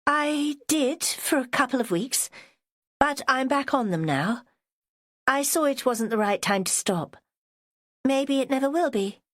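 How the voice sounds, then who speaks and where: A woman's voice: high-pitched, animated, measured pace, fairly bright tone, no echo, studio quality, voice pushed up, heavily acted. A woman voicing an imperious, airy woman with a posh southern English accent. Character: imperious, unsettled posh woman, calm and strange.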